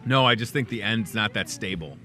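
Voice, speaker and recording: His voice is fairly low, animated, fairly quick, and pushed and bright. A middle-aged man with a Midwestern American accent, he hosts a lighthearted, chatty talk show from a grocery aisle using a clip-on lapel mic.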